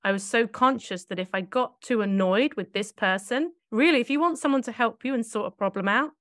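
A woman's voice: on the high side, fairly quick, a bit bright, dry recording, studio quality. A woman co-hosting a podcast, talking in a reflective, searching way and often correcting herself mid-thought. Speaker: podcast co-host.

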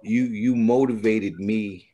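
A man with a somewhat low voice interviews a guest in an earnest, reflective way. His phrasing is loose and casual. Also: fairly even intonation, slow pace, warm tone. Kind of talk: conversational interview.

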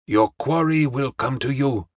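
A man's voice: mid-range voice, no echo, studio quality, natural voice. Man voicing a courteous, formal detective. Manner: measured, courteous, clipped formal phrasing. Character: polite, formal middle-aged male detective. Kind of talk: audiobook character reading.

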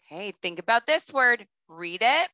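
A woman kindergarten teacher leading a recorded lesson for young children, speaking slowly and clearly, with patient prompts. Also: on the high side, big pitch swings, sharp tone, no echo. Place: home. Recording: slightly dull lo-fi audio.

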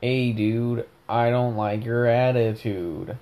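A man's voice: medium pitch, steady tone, slow, dark tone. A young man casually commentating his own gameplay, joking around, rambling and correcting himself as he goes. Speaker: gaming video host.

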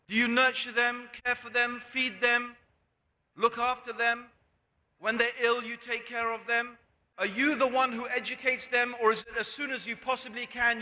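A man's voice: very high voice, bright, forceful tone. A man preaching a sermon, pressing the audience with rhetorical questions. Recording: long hall reverb.

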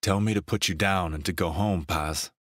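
A man voicing a passionate young man who rasps and growls in a low, hushed voice in an audiobook. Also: moderate pace, no echo, studio quality. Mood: intense, hushed. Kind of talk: audiobook character voice.

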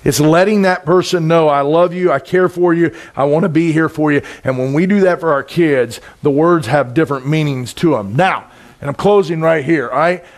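A middle-aged man preaching a sermon in a conversational, intense way, with sudden loud bursts. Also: a little high, moderate pace. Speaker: pastor.

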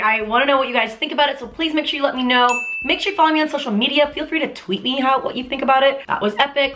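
A young woman gushing excitedly while reacting to a music video on her channel, with the video's music playing behind her. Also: high-pitched. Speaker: YouTube reaction host.

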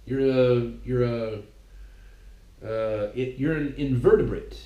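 A man's voice: mid-range voice, takes it slowly, warm tone. A man hosting his own show, preaching a mocking, opinionated solo monologue. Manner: preachy, mocking, with impressions of others. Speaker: podcast host. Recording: echoey room.

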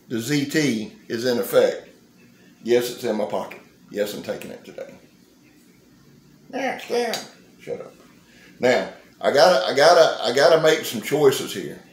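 A man, talking through a casual knife-review vlog in an excitable, folksy, joking way. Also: mid-range voice, a little hiss or hum. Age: 50s. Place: indoor room. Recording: roomy, echoey sound.

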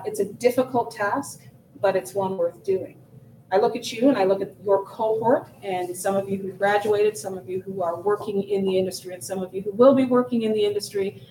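A woman's voice: medium pitch, mellow, distant mic. A woman accountability officer giving an earnest, emphatic seminar presentation with repeated points. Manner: earnest, emphatic lecturing with repetition. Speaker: guest speaker, accountability officer. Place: seminar room. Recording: echoey room, recorded from afar with faint noise.

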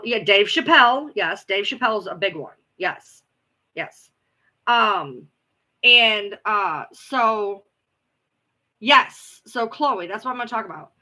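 Bright-voiced woman rambling casually. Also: mid-range voice. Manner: rambling, repeats herself, casual swearing. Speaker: livestream host. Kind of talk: casual chat answering viewers.

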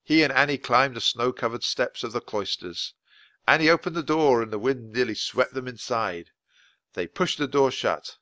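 A man reading a children's chapter book aloud for English learners, in clear, expressive storytelling. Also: mid-range voice, moderate pace, dry recording. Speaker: audiobook reader.

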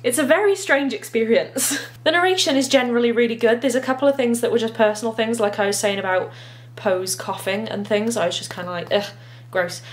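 Brief: giggly woman book vlogger with a slightly high voice, casual chat into a handheld phone at home. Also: fast talker. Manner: giggly and chatty, laughs at herself. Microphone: handheld phone camera.

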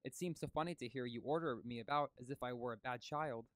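A man voicing a young woman who speaks slowly and dreamily from a trance. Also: medium pitch, smooth, no room sound, close to an everyday voice. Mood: puzzled.

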